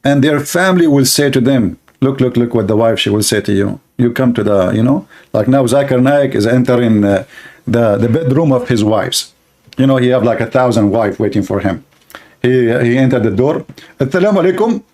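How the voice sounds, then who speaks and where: A man's voice: mid-range voice, moderate pace, darkish tone. A man giving mocking commentary on religious texts, sarcastic and laughing at his own jokes.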